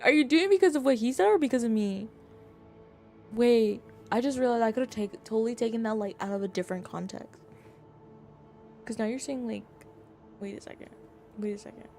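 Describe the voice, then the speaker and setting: A woman's voice: fairly high pitch, darkish tone. A young woman streaming a game, chatting with her viewers in a giggly, talkative way. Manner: giggly, chatty, reads chat aloud. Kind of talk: casual live game stream chat.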